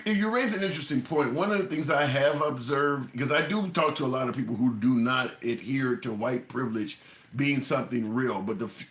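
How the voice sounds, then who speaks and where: A man hosting a casual political chat, putting questions to his guest with quick interjections. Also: mid-range voice, a bit bright, reverberant. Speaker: host.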